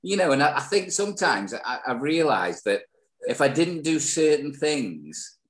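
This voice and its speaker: Lively, rambling podcast host. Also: male voice, fairly high pitch, moderate pace. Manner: rambling, restarts words, joking. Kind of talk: casual podcast chat.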